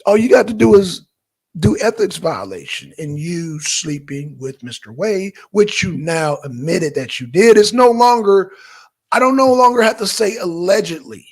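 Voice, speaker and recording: Man, Southern Georgia accent, livestream host, casual chatty commentary, raised pitch, gravelly. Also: expressive, normal speed. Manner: chatty, addresses viewers directly, gives shout-outs.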